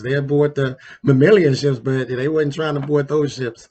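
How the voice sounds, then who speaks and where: Casual man with a slightly high voice. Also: fairly even intonation, fairly quick, hardly any pauses, a little mellow. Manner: loose, conversational, digressive with fillers and slang. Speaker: host. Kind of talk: casual ranking commentary.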